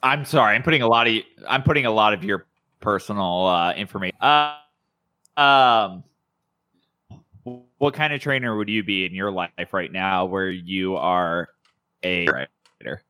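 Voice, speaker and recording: Casual male host, bright tone, rambly and self-correcting, dry close mic. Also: deep voice, unhurried, no echo. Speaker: podcast host. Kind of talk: casual podcast chat.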